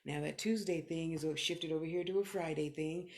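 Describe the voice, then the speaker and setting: A woman's voice: sits low, steady tone, brisk, a little mellow. A middle-aged woman, a clairvoyant medium on a live stream, talking candidly and swearing freely in short reflective bursts while answering viewers. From California. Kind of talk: live-streamed motivational talk and readings.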